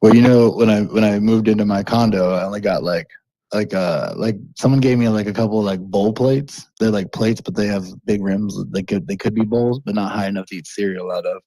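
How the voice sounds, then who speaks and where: A man's voice: on the low side, brisk, warm tone, dry recording, poor audio. A man co-hosting a casual podcast, rambling with many fillers. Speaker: podcast co-host. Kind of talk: casual panel chat.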